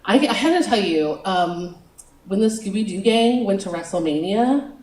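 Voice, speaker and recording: A woman's voice: mid-range voice, animated, moderate pace, far from the mic, heavy background noise. A young woman doing a stand-up comedy set, chatty and self-mocking, giggling between lines. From United States. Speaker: stand-up comic. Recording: roomy venue, picked up from afar.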